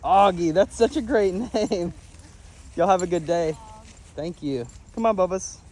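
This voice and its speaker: A man working as a dog trainer, talking casually through a training walk outdoors on a trail and breaking into high sing-song praise for the dog. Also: normal speed, darkish tone. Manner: laid-back, chatty, laughs often. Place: outdoors on a wooded trail near a creek.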